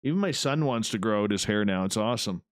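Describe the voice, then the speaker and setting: Hosting an online radio show, this man reads live comments from viewers and talks to himself while he works, in a loose, rambling way. He speaks quickly with a lowish voice and lively intonation, on a dry, studio-quality recording.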